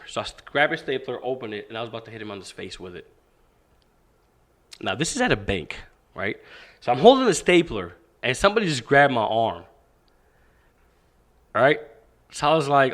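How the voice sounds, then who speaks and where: A man guest on a podcast, a fitness and boxing coach, telling a story in casual, animated talk with plenty of swearing and acted-out dialogue. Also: mid-range voice, moderate pace, pauses often.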